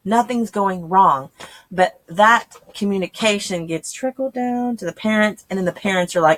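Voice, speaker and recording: A woman with a medium-pitched voice speaks at a normal pace. As a homeschool channel host, she chats casually with homeschooling parents and acts out quoted voices while explaining things.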